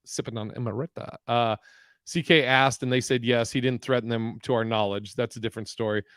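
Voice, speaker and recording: A man's voice: medium pitch, fairly even intonation, a little fast, fairly bright tone, no echo, clean studio sound. A man co-hosting a live podcast, reading chat comments and telling stories in a loose, profane way. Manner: profane, rambling storyteller. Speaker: podcast co-host.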